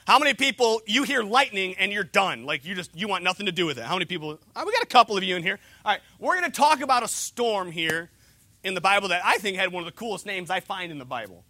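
A man's voice: high voice, expressive, fast, pushed and bright, dry recording. A young man preaching a sermon, with a joking, conversational delivery and humorous asides. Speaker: pastor.

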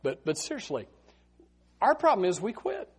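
A male pastor preaching in a lively, storytelling way, with a voice that sits high for a man. He keeps repeating words as he goes and swings between quiet asides and loud bursts. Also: moderate pace, breathy edge. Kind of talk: sermon.

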